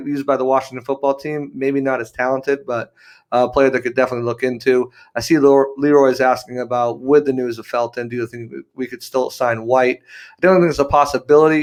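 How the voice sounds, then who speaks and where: Male football reporter guest, mid-pitched, calm, steady, casual analysis. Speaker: team news reporter guest.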